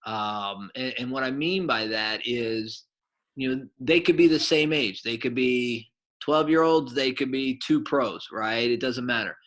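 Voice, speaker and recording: A middle-aged man, a soccer coach and former goalkeeper, telling stories to kids in a rambling, animated way with lots of fillers. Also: mid-range voice, a little slow. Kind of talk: casual storytelling to kids.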